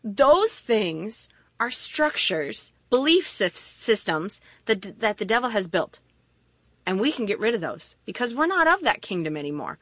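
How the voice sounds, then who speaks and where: A woman's voice: medium pitch, unhurried, no echo. A woman preaching a sermon, telling stories and acting out little voices as she goes. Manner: animated storytelling with acted-out voices.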